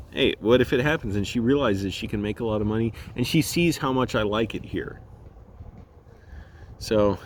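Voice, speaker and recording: A man's voice: medium pitch, slight background noise. Chatty man rambling outdoors. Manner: rambling, chatty, laughs at himself. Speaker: vlogger. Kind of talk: casual vlog monologue. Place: outdoors walking around a complex.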